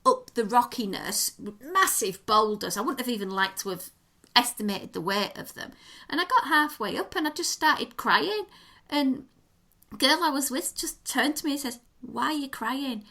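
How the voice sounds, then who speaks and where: A woman co-hosting a podcast, telling a story in a lively, expressive way. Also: a little high, moderate pace. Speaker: podcast co-host. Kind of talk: casual chat.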